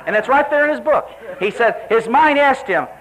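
A middle-aged man preaching, telling a story with lively quoted dialogue and direct questions to the congregation. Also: extremely high pitch, moderate pace, low-quality recording. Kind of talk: sermon.

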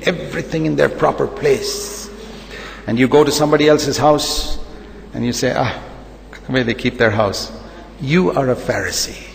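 A man's voice: medium pitch, gravelly, big-room sound, slight background noise, low-quality recording. A man preaching a sermon as a pastor, emphatic and repetitive, firing rhetorical questions.

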